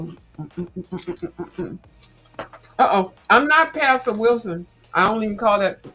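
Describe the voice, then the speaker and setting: Woman host, mid-range voice, loud crunchy snacking chat, teasing and foul-mouthed. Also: medium pitch, breathy edge, poor audio. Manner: sassy, blunt, cusses freely, chews loudly into the mic. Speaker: livestream host. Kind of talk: casual chat while snacking.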